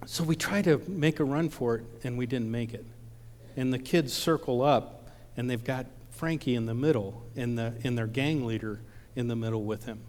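A man's voice: mid-range voice, normal speed, darkish tone. A preacher from Ohio telling a personal story in a sermon, acting out the voices of the people in it and often repeating his words. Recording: long reverb of a large hall.

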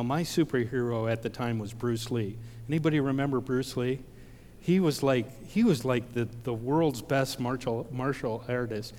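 An Ohio preacher tells a personal story during a sermon, voicing the people in it and often repeating his words. His voice is medium in pitch with a darkish tone, and the recording carries the long reverb of a large hall.

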